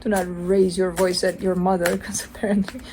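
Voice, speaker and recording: A woman's voice: on the low side, level tone, normal speed, warm tone, a little hiss or hum. Chatty, playful woman reading tarot. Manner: chatty, swears casually; playful, acts out the listener's voice. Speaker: tarot reader. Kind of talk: casual tarot card reading.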